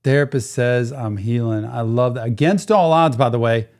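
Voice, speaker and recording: A man's voice: medium pitch, moderate pace, darkish tone. Enthusiastic man reacting over music. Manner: enthusiastic, reflective, talks over the track. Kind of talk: casual music reaction commentary. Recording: music playing in the background.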